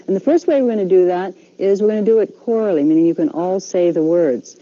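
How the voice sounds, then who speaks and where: A woman's voice: lowish voice, fast, mellow, dull audio. A woman language teacher giving patient classroom instructions, repeating herself often and checking in with "okay".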